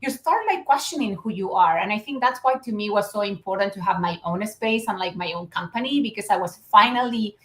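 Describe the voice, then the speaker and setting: A woman with a Chilean Spanish accent talks earnestly as an interview guest, mid-pitched and thoughtful. Her voice carries the echo of a roomy space. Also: animated, brisk, hardly any pauses, fairly bright tone. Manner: earnest, reflective, with many fillers. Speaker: guest, business founder. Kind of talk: conversational interview.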